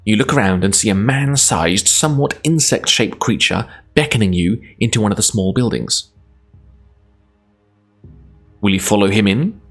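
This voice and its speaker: A man's voice: lowish voice, animated, fairly quick, a bit bright, soft background music. A Scottish man streaming live, reading a gamebook aloud in a chatty, self-deprecating way, laughing often.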